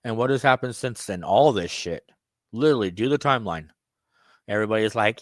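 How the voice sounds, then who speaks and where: A man's voice: lowish voice, expressive, a little fast, dry recording. Profane rambling man, dry close sound. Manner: profane, rambling, conspiratorial, swings between loud and muttered. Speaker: self-styled candidate addressing viewers. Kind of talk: ranting monologue.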